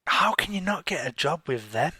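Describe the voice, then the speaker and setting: A man's voice: fairly high pitch, very animated, moderate pace, bright, forceful tone, breathy edge, no echo. Hesitant man host, dry close sound. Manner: hesitant, heavy with fillers, blunt questions. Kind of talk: casual online chat.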